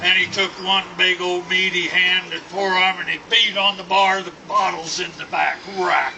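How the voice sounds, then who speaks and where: A man slowly telling a long cowboy joke as a storyteller. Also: sits high, fairly even intonation, vocal fry, bright, forceful tone, recorded from a distance, slight background noise, rough recording. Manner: slow, drawn-out storytelling. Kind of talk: telling a tall-tale joke.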